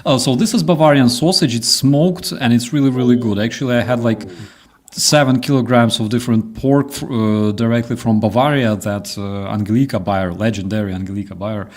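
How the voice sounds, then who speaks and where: A man's voice: medium pitch, brisk. A man chatting casually and rambling a bit on a livestream. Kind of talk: casual chat.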